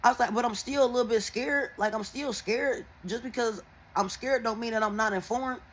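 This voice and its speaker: A woman who reads tarot, telling viewers a dream in a casual, animated and heavily profane way. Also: a little high, fairly quick, slight background noise, low-quality recording. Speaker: tarot and oracle reader.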